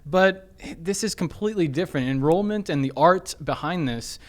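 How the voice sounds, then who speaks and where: A man's voice: a little high, expressive, normal speed. A man speaking as a guest sales coach in an interview, earnest and emphatic. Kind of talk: interview answers.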